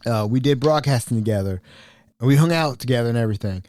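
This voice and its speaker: A man's voice: mid-range voice, quick pace, no echo. A man from Ohio hosting a podcast, telling old stories in a casual, chatty way with frequent laughs. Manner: animated, laughing often, chatty. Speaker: podcast host. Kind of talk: casual storytelling.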